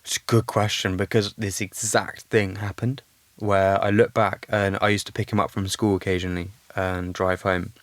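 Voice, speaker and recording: A man's voice: low-pitched, little pitch movement, moderate pace, no room sound. A young man speaking as a podcast guest in a candid, reflective conversation, thinking aloud earnestly.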